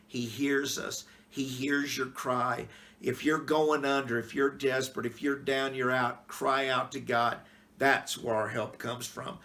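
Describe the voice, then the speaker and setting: A man's voice: mid-range voice, fairly bright tone. A middle-aged man, a pastor, giving a casual, plain-spoken devotional talk on a Bible passage in a folksy, conversational way.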